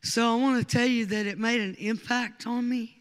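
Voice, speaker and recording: A man giving a heartfelt, excited testimony to a congregation about a mission trip. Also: very high-pitched, normal speed, clear, resonant tone, long reverb tail. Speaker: church mission volunteer.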